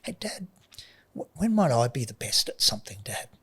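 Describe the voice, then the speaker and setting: A man voicing his shy young son, gentle and earnest, asking soft, hushed questions. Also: mid-range voice, sing-song, normal speed, breathy edge, heavily acted. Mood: hopeful. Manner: soft, hushed and pleading, often whispered.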